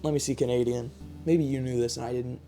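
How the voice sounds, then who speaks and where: A man's voice: medium pitch, fairly even intonation, quick pace, loud music behind the voice. A man hosting a live stream, chatting casually with chat and a co-player, joking and swearing freely. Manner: joking, profane, riffs with chat. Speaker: streamer host playing a word game.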